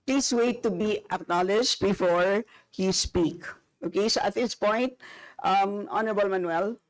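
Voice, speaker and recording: A woman's voice: medium pitch, a little slow, low-quality recording. A woman with a Filipino accent, chairing a formal hearing and repeatedly calling for order in a procedural manner. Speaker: committee chair.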